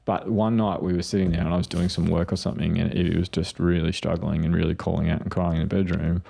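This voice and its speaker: Gravelly deep-voiced man chatting. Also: flat delivery, quick pace, mellow. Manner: storytelling, acts out quotes. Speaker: podcast co-host, mental health clinician. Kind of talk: casual parenting chat.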